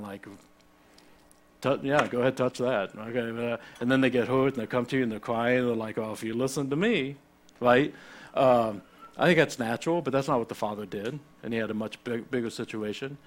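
A middle-aged man preaching a sermon in a conversational way, with personal asides and frequent restarts. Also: medium pitch. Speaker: pastor.

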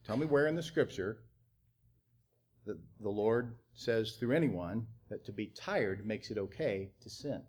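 A young adult man preaching a sermon on parenting, animated and punctuated with mocking acted-out quotes of parents. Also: lowish voice, measured pace. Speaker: pastor.

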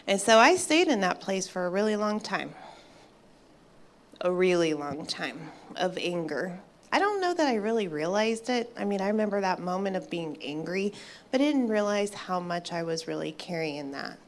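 A woman in her fifties giving a personal faith testimony to an audience, earnest and reflective, pausing and restarting as she speaks. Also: fairly low pitch, lively intonation, slight background noise. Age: 50s.

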